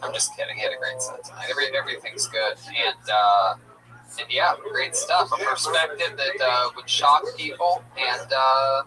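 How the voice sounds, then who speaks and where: A man hosting a stand-up comedy show, introducing comics with loud, hyped-up energy on a club stage. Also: mid-range voice, moderate pace, far from the mic, crowd noise, rough recording.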